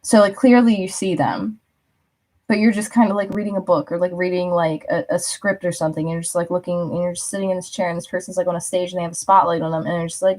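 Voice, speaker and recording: A young woman talks through a tarot reading in a loose, chatty way. She fills her sentences with little fillers, laughs freely and slips into quick impressions of the people she describes. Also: on the low side, steady tone, a little mellow. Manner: chatty, lots of "like", laughs often, acts out quotes. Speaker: tarot reader. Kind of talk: casual spoken reading.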